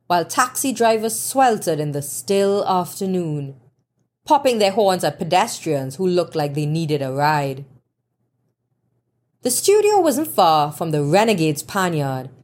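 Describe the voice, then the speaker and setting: Slow, wry woman reading a novel. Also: lowish voice. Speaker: audiobook narrator. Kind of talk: first-person novel reading.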